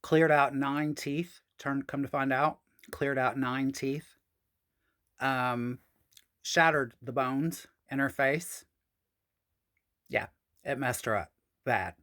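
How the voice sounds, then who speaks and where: A woman's voice: a bass voice, slow, long pauses, fairly bright tone. A woman telling a personal story on a podcast, frank and profane, with sassy asides.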